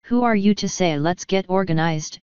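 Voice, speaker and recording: A woman voicing a gruff, blustering old male rat leader who growls his words slowly. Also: lowish voice, darkish tone, no echo, dull audio, natural voice. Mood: grumpy. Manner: growling, slow and grumpy.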